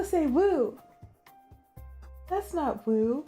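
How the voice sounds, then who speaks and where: A woman's voice: high-pitched, expressive, takes it slowly, long pauses, a little mellow, faint music behind. A woman streamer in casual chat at home, playful and giggly as she chats with her pets and coaxes them. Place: room at home.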